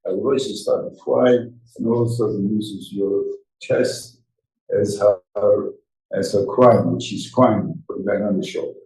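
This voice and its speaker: A man's voice: on the low side, a little slow, vocal fry, distant mic. An older man giving an informal Torah class, telling stories and acting out the dialogue. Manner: animated storytelling, acts out dialogue. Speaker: rabbi teaching a Torah class. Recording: roomy, from off the mic.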